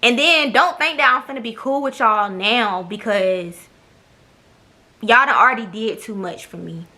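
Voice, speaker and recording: A woman's voice: fairly high pitch, a little slow, sharp tone. A young woman, telling a blunt, profane storytime to her camera. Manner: blunt, profane, sassy, mimics others. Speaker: vlogger. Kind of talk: casual storytime monologue.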